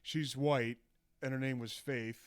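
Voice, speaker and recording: A man's voice: mid-range voice, fairly even intonation, unhurried, smooth, no echo, clean studio sound. A young man co-hosting a podcast, telling rambling stories and laughing as he goes. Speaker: podcast co-host. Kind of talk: casual chat.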